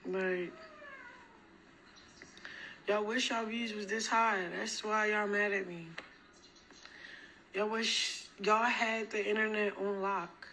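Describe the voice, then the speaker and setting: Woman on a livestream, defiant and profane, very bright sharp voice, faint noise behind. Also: medium pitch, fairly even intonation, slow, long pauses, rough recording. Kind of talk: livestream talk to viewers.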